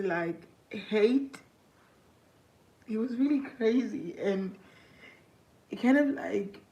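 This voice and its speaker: A young woman talking to her viewers on a phone livestream, crying as she speaks, halting and grateful. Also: fairly high pitch, warm tone, rough recording.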